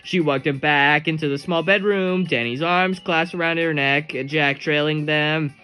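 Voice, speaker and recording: A man reading a novel aloud in a steady storytelling manner. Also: a little high, unhurried, clear, resonant tone. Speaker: narrator. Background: faint music.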